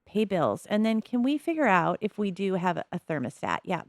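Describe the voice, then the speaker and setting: A woman chatting casually as she plays a life-simulation game, musing aloud with soft laughs. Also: medium pitch, big pitch swings, brisk, no room sound, studio quality. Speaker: gameplay commentator.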